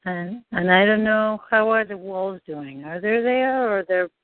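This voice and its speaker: A woman guiding someone through a heart-centered coaching session, speaking softly and slowly to reassure him. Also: medium pitch, no echo. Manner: soft, slow, reassuring. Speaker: guide. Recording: dry phone-like line.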